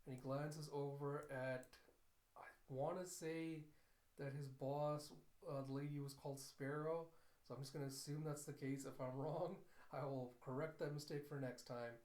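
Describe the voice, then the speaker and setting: A man recapping and reacting to an anime episode, telling the story in an animated, storytelling way. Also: a little high, normal speed. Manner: animated storytelling, laughs at cute moments. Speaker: anime reviewer. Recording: echoey room.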